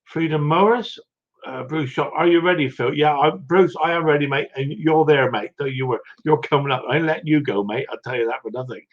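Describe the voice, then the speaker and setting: A man's voice: fairly high pitch, fairly quick, highs cut off. A man hosting a casual livestream, chatting in a rambling, chummy way and tripping over viewers' names. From Britain. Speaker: livestream host. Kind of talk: casual live-stream chat.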